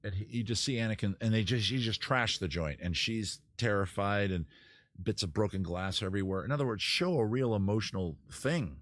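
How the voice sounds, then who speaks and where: A man hosting a casual livestream, talking in a rambling, self-interrupting way, swearing and acting out scenes in quick put-on voices. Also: on the low side, a bit bright, dry recording. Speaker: livestream host. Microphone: camera mic.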